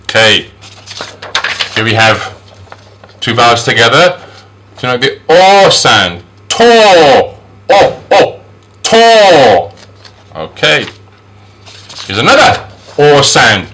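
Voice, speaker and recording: Guy teaching phonics, bright voice, bounces up high on the sounds, takes his time. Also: big pitch swings, slight background noise. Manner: slow, exaggerated sound demonstrations; patient, reassuring. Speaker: English teacher. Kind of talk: phonics lesson.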